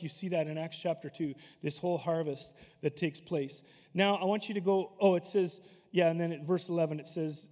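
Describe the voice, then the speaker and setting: Conversational pastor in an echoing hall. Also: male voice, on the high side, darkish tone. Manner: conversational, storytelling with asides. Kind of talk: sermon. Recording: long hall reverb.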